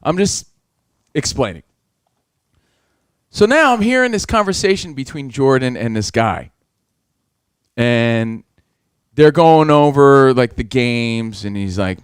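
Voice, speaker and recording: A man's voice: medium pitch, takes it slowly, pauses often, clear, resonant tone, dry recording, studio quality. A man co-hosting a radio show, telling a story in casual chat, acting out voices and swearing freely. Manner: animated, acts out quotes, swears a lot.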